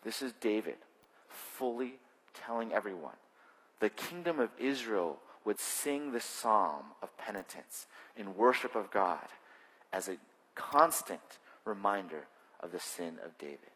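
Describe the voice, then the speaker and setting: A male pastor preaching a sermon in a conversational, animated way with touches of self-deprecating humor, speaking into a stage microphone in a church. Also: lowish voice, unhurried, husky. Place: church sanctuary. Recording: long hall reverb.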